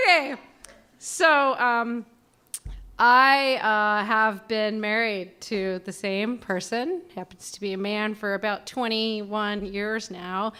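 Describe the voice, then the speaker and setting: On a small theater stage, a woman in her forties tells a personal story live, animated and self-deprecating as she acts out the voices she quotes. Her medium-pitched voice is clear and resonant, and she takes her time.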